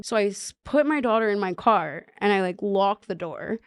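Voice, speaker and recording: A woman's voice: mid-range voice, moderate pace, few pauses, no echo, clean studio sound. A woman from Canada, a podcast guest, telling her personal recovery story in an earnest way and often tagging sentences with questions.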